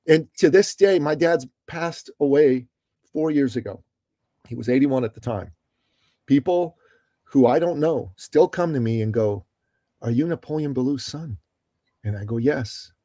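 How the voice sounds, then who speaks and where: A man from Iran speaks as a podcast guest, his mellow, warm voice pressing each point with preacher-like emphasis. He moves from loud declarations to hushed, heartfelt storytelling. The sound is dry and close. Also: mid-range voice, a little slow, long pauses, no room sound. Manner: emphatic, preachy, rises and falls in loudness. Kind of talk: impassioned interview storytelling.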